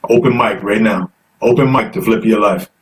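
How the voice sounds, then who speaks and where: A man's voice: fairly low pitch, normal speed. A man hosting a live call-in stream, chatty and coaxing viewers to phone in while reading comments aloud. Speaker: host. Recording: distant mic, faint noise.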